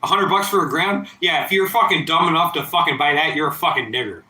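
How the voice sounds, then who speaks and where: Slightly tipsy from drinking, a streamer in his thirties talks fast through a casual late-night session, rambling, swearing and defiant. His pitch is a little high, bright and edgy, and the room adds a clear echo.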